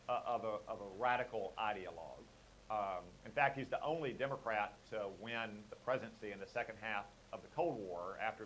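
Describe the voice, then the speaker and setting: Low-voiced male political guest. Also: a bit bright, a little hiss or hum, poor audio. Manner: measured, argumentative, with frequent fillers. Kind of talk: radio interview.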